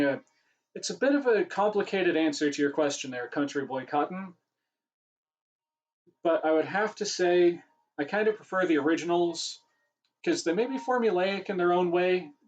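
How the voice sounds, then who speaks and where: Slightly high-voiced man rambling on a livestream. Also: expressive, a little slow, long pauses, rough recording. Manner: rambling, self-correcting, chatty. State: voice getting worn. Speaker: livestream host answering questions. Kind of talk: casual livestream Q&A.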